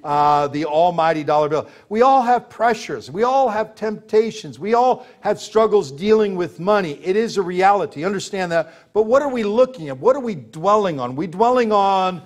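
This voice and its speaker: A man's voice: sits high, expressive, normal speed, hardly any pauses. A man preaching a sermon as pastor, emphatic and full of rhetorical questions, laughing as he tells stories.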